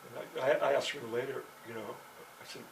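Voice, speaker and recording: A man's voice: mid-range voice, steady tone, a little fast. Rambling man, heard from a distance. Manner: meandering, profane, constant "you know" fillers. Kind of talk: rambling personal storytelling monologue. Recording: distant mic with faint background noise.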